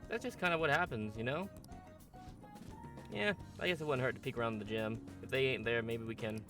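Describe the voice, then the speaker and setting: A man voicing a brash, rough-talking teenage boy with a put-on drawl while reading a game's dialogue. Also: medium pitch, fairly quick, music in the background, close to an everyday voice. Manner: slangy, drawling put-on accent. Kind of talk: game voice-over reading.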